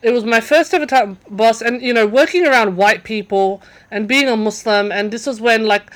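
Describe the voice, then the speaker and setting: A young woman tells a story as a podcast guest. She talks in a chatty, casual way, often restarting her sentences and filling pauses with "um" and "like.". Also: on the high side. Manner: chatty, many fillers and restarts.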